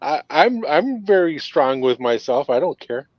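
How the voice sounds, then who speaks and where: A man's voice: fairly high pitch, sing-song, a little slow, no echo. A man from Minnesota with a Northern accent, chatting easily on a video call. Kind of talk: casual chat. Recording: dull dry video-call audio.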